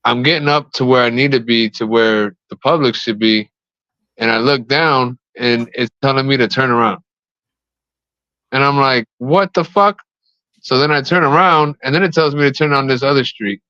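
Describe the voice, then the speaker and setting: A man's voice: medium pitch, steady tone, moderate pace, pushed and bright, clear, resonant tone, no echo. Man, casual podcast co-host, rambling storyteller, swears, slightly dull dry mic.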